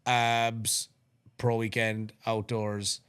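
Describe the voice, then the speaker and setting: A young Irish man co-hosting a sports podcast, talking in a relaxed, rambling way and often restarting his sentences. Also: on the low side, extremely slow, smooth. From Ireland. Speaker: podcast co-host and strongman competitor. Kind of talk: casual chat.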